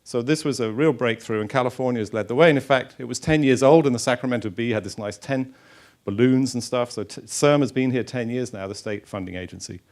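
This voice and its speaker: A man's voice: mid-range voice, fairly quick, darkish tone. Chatty middle-aged man giving a science lecture. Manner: informal, chatty, many fillers and restarts. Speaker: stem cell researcher giving a talk. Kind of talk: public science lecture with slides. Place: lecture hall.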